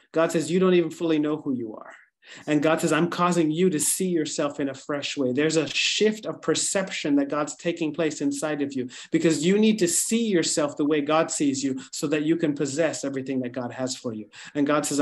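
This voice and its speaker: A man giving fervent prophetic words at a church service, repeating phrases and building in intensity. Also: fairly high pitch. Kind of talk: prophetic ministry over a congregation.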